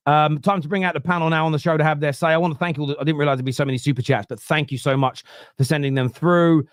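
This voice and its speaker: A man's voice: fairly high pitch, fairly even intonation, very fast, clean tone, no room sound. Chatty male live-stream host, dry mic. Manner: chatty, reads out viewer messages. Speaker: show host. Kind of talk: live stream match reaction.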